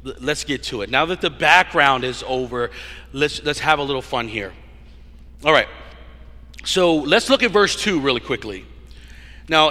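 A man preaching with a bright, ringing tone that sits a little above the usual male pitch. He teases his listeners as he goes and stumbles over his own phrases. His voice trails off into a long hall reverb. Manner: playful, teasing the congregation, with many restarts. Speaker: pastor. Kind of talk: sermon.

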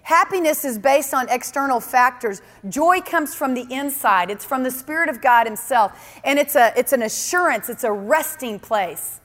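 High-voiced woman preaching in a hall. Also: lively intonation, moderate pace, few pauses, a bit bright. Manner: earnest, emphatic, repeats key phrases. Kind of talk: sermon.

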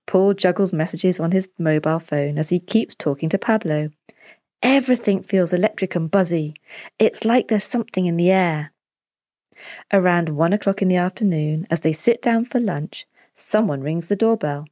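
Woman narrating a children's story, low-pitched. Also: moderate pace, dark tone, no echo, studio quality.

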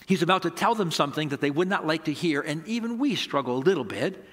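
A man's voice: fairly high pitch, lively intonation, fast, breathy edge, big-room sound. A middle-aged male pastor giving a conversational sermon, asking rhetorical questions and acting out dialogue from his stories.

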